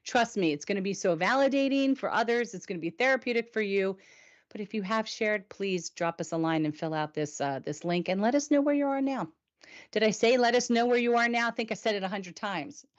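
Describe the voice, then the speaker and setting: A woman's voice: mid-range voice, animated, fairly quick, dull audio. A woman hosting a weekly review show, chatting casually and animatedly with her co-host and viewers.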